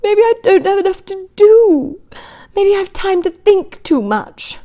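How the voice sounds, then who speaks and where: A woman's voice: very high-pitched, lively intonation, a little slow, dark tone, pitched above the performer's own voice, full character voice. A woman reading a story aloud, voicing a frightened, tearful housewife who pleads near tears. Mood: frightened pleading.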